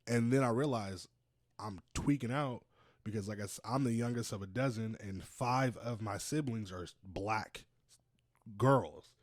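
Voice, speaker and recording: A young man co-hosting a podcast in casual, slangy chat, swinging between loud bursts and low, quiet stretches. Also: measured pace, dry recording, clean studio sound. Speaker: podcast co-host.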